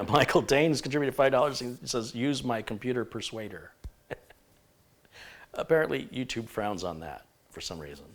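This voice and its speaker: A man's voice: medium pitch, animated, moderate pace. A man hosting a live computer repair stream, thinking aloud and rambling with frequent self-corrections as he diagnoses a PC.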